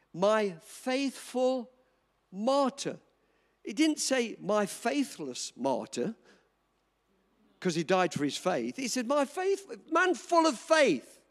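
A man preaching a sermon as pastor, joking with the congregation and pressing his points with emphasis. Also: very high voice. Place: church hall. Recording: long reverb of a church hall.

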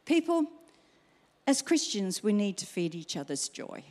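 A middle-aged woman preaching a sermon, acting out her own exclamations in an animated way. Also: mid-range voice, measured pace. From Australia.

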